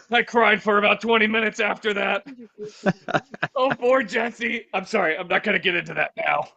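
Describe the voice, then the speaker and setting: A man doing a gruff teen anime hero with a gravelly, high, bright rasp who gushes tenderly and keeps choking up. It's improv comedy. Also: moderate pace, highs cut off, exaggerated voice. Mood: gushing. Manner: gushing, sentimental, choking up.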